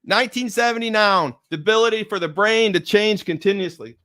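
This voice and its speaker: Bright high-voiced motivational man. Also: brisk. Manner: energetic, repetitive pep-talk chants. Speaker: motivational speaker. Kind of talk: motivational video talk.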